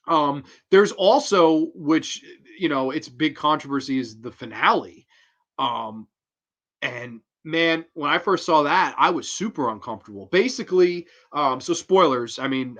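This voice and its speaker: Excitable, foul-mouthed man reviewing horror films. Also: on the high side, lo-fi sound. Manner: excitable and profane, swearing freely. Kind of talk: casual movie review.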